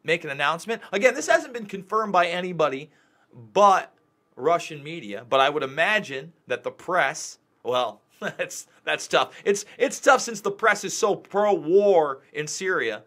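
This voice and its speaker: A male host delivering a heated live monologue. His voice sits high and rings bright, and it swoops up and down as he rants, hitting his points again and again with an emphatic, agitated push. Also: expressive, unhurried. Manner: agitated, ranting, emphatic repetition. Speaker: news show host.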